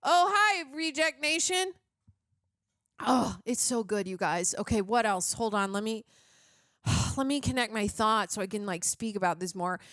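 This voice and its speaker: A woman's voice: medium pitch, moderate pace, no room sound, studio quality. A woman hosting a casual movie reaction, chatty and rambling with lots of fillers.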